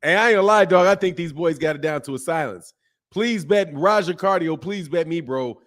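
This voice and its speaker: Speaking briskly in a fairly high voice, a man runs a relaxed boxing livestream. He uses plenty of slang, stays animated, and reads chat comments aloud as he reacts.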